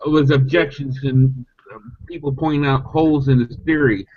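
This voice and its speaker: A man chatting casually on an online podcast, animated and mocking, often restarting sentences. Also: moderate pace. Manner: animated, mocks opponents in high squeaky voices. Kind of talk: casual chat. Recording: lo-fi online call audio.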